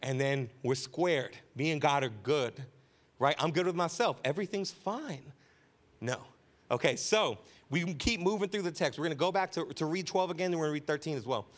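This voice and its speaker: A man in his thirties delivers a sermon as a church pastor, telling a personal story in a candid, chatty way. His voice sits a bit higher than most men's, and he drops easy slang into the preaching. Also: expressive, normal speed. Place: church sanctuary.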